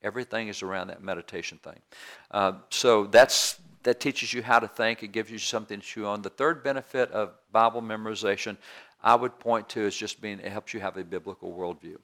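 A man's voice: fairly low pitch, fairly even intonation, brisk, a bit bright. A man preaching a sermon in a folksy, down-home way, repeating phrases for emphasis. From rural area.

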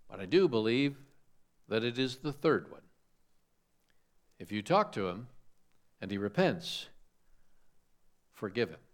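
Animated preacher with a lively voice. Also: male voice, medium pitch. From suburban Chicago. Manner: animated preaching with rhetorical questions and homespun stories. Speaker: pastor. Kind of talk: sermon.

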